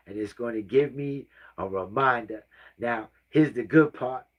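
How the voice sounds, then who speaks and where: A middle-aged man talking loosely on a livestream at an ordinary, mid-range pitch. His delivery is heartfelt and meandering, and he now and then sinks into quiet, half-whispered asides. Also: unhurried, a little hiss or hum. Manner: rambling, heartfelt, drops to soft asides. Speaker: livestream host. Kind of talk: casual livestream talk.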